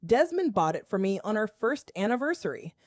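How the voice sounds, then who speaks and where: A woman in her forties from the American South narrates her own story in a wry, confessional first person. Her mid-range voice comes through close and dry, with no room around it. She keeps a measured, steady delivery. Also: medium pitch, dry recording. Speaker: storyteller, school principal.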